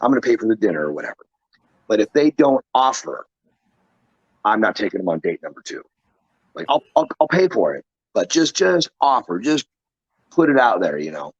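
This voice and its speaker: A man with a very low, breathy-husky voice tells stories in a loose, rambling way, often restarting his sentences and tossing in casual swears. The sound is dry and close, with a dull, lo-fi quality. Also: big pitch swings, normal speed, long pauses, dry recording. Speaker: wrestler and wrestling trainer, guest. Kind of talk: casual interview storytelling.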